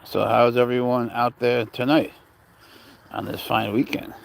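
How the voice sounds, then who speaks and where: A man's voice: medium pitch, level tone, measured pace, vocal fry. A man rambling casually on a live stream from an outdoor park, greeting viewers and talking to his cat through a handheld phone. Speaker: livestream host.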